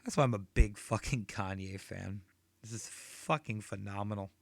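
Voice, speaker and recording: A man's voice: lowish voice, moderate pace, gravelly, no echo. A man in his thirties doing a stand-up set, telling rambling, profane stories. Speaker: stand-up comedian.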